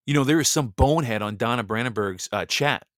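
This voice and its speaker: A man's voice: mid-range voice, brisk, fairly bright tone, no echo, clean studio sound. A man hosting a Bible reading show, delivering a heated, blunt monologue and stumbling over repeated words when he gets worked up. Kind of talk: impassioned political monologue.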